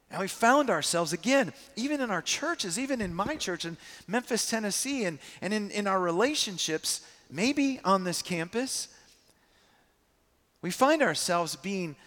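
Male preacher, high voice, storytelling sermon, echoing hall. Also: normal speed. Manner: animated storyteller acting out quotes. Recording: long hall reverb.

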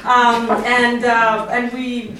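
A woman with a slightly high voice tells a candid, wry story on a live stage. The sound is very roomy and caught from some distance off the mic. An audience is heard clearly, laughing along. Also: little pitch movement, extremely slow, a bit bright, slight background noise.

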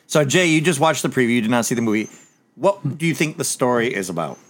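A man's voice: mid-range voice, animated, a little fast. Man rambling through a casual movie chat. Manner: rambling, retells scenes with quoted lines. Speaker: podcast host.

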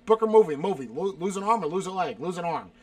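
A man's voice: sits high, animated, quick pace, a little mellow, dry recording. A man reading viewer questions aloud and firing back blunt, profane one-word answers in a casual stream chat. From South Carolina. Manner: reads questions aloud and answers bluntly, swearing, exasperated outbursts.

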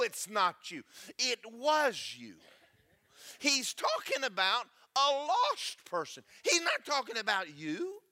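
Preacher guy, high voice that jumps all over, bright and punchy. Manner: emphatic, preachy, swings loud and soft. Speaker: pastor. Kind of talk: sermon.

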